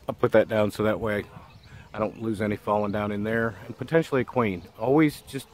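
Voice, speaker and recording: A man giving a folksy, animated how-to explanation as a beekeeping vlogger, outdoors. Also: mid-range voice, fairly quick. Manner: folksy, animated, playful asides. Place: outdoors by a tree and truck.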